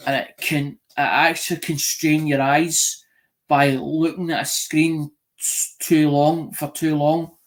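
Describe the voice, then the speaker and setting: Rambling Scottish man live-streaming. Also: fairly high pitch. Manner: rambling, many restarts and repeats. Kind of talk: casual live-stream chat.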